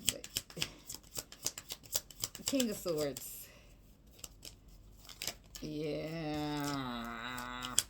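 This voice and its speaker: Low-voiced chatty woman reading tarot. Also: background noise. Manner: chatty, emotional, colloquial, laughs often. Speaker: tarot reader.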